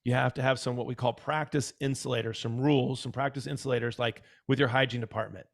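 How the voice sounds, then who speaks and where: A man speaks in a casual, advisory way at a middle pitch. He talks emphatically and repeats himself for stress. He often acts out the words of his clients. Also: fairly even intonation, fast talker, vocal fry. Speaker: dental practice consultant.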